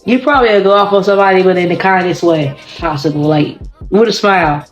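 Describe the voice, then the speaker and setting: A hoarse woman giving a casual tarot reading to camera, blunt, profane and rambling as she talks. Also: fairly low pitch, quick pace, dull audio, faint music behind. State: hoarse, voice partly gone. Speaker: tarot card reader. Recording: roomy echo.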